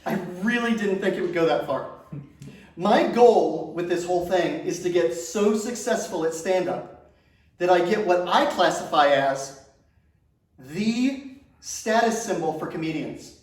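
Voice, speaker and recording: High-voiced comedian in an echoey room. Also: male voice, animated, unhurried, recorded from a distance. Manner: chatty, self-mocking, laughs at his own jokes. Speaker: stand-up comedian. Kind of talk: stand-up comedy set. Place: large room on stage.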